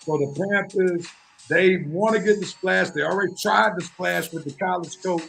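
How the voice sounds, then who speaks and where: A man's voice: sits high, moderate pace, gravelly, fairly bright tone, soft background music. A man hosting a casual sports talk show, speaking with emphatic, preacher-like delivery. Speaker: show host.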